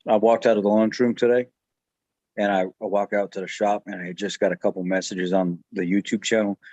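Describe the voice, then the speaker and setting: Easygoing lower-voiced male host. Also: level tone, a little fast, a little mellow, no room sound, highs cut off. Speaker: host of a truck repair channel. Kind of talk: casual talk-show chat.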